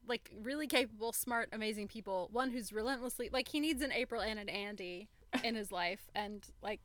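A woman's voice: on the high side, brisk, noisy background. A woman from Oregon with an American accent, co-hosting a casual book podcast, chatty and enthusiastic. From Oregon, USA. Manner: enthusiastic, chatty, reads passages aloud expressively. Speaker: podcast co-host.

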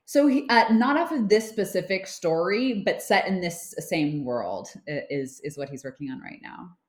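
A woman's voice: lowish voice, expressive, moderate pace. A woman in her thirties, a film producer chatting as an interview guest, talking casually with many fillers and restarts. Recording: roomy echo.

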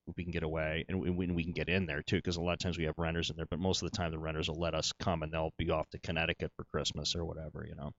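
A man's voice: sits low, no room sound, lo-fi sound. A middle-aged male actor telling his story in a casual interview, rambling, with many restarts and "you know"s.

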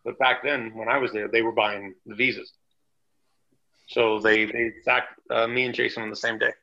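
A man, a former wrestler, telling chatty, animated anecdotes as a guest on a podcast interview. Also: on the low side, normal speed, vocal fry, muffled recording. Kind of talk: casual storytelling interview.

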